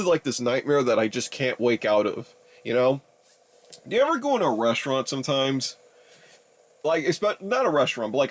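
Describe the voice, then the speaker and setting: A young man in his twenties giving casual, rambling video commentary, exasperated and addressing his viewers as ladies and gentlemen. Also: medium pitch. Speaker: YouTuber reviewing a DVD player.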